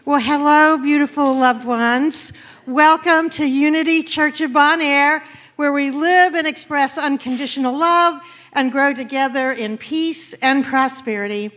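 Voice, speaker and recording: A high-voiced woman serving as senior minister opens by welcoming her congregation in the church sanctuary, then leads them slowly and softly through a meditative prayer.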